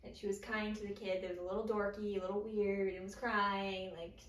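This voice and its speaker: A woman in casual chat who argues her view with steady reasons. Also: medium pitch, a little fast, recorded from a distance. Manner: reasoned, argumentative. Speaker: co-host. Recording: roomy, off-mic, faint noise.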